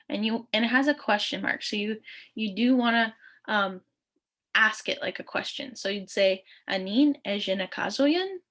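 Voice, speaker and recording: A woman from Thunder Bay, Canada, leads a beginners' lesson with patient, unhurried speech. She says each new phrase twice, slowly, and fills her pauses with "um" and "uh". Her voice sits in an ordinary middle pitch. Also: fairly bright tone. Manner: patient, repeats phrases slowly with many fillers. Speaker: language teacher. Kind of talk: online language lesson.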